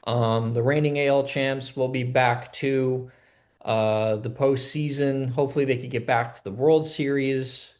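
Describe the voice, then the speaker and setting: A man co-hosting a casual sports podcast, talking in a relaxed way with lots of "um"s. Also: medium pitch, measured pace. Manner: laid-back, filler-heavy. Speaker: podcast co-host.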